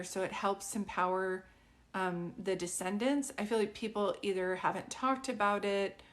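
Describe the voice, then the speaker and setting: Woman medium giving a rambling reading. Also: medium pitch. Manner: rambling, conversational, with many fillers; keeps checking if it makes sense. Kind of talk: live reading to a viewer.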